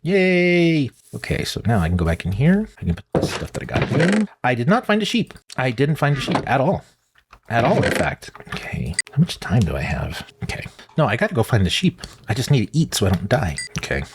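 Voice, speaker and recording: A man's voice: medium pitch, brisk, very noisy. A man hosting a gaming channel, rambling and talking to himself while he plays. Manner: rambling, animated, talks to himself while playing. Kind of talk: casual gameplay commentary.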